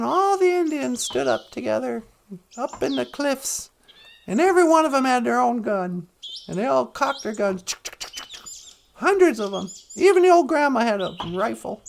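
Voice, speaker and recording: Host, male, slow lively delivery with a gravelly edge, goofy comic storyteller. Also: extremely high pitch, a little hiss or hum. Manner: goofy, playful, doing silly voices and sound effects. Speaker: podcast host.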